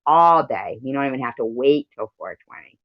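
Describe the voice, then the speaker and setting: American woman, livestream host, rambling chatty delivery, muffled low-fi audio. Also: fast, dry recording. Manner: rambling, giggly, reads out viewer comments. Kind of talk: casual livestream chat. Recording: dull lo-fi stream audio.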